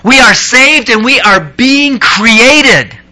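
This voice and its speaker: A man preaches with a high, bright voice that swings widely up and down. He jokes with and teases his listeners, then builds his stories into excited, rising peaks. The delivery is a playful, storytelling sermon. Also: takes it slowly. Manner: joking, teasing the audience between scripture points. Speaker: pastor. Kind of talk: sermon to a youth group.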